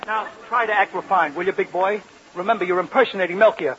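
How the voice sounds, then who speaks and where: A man hosting a 1940s radio comedy, excitable and wisecracking. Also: sits high. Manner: fast-talking, excitable, wisecracking. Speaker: comedy show host. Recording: muffled old radio broadcast, studio audience.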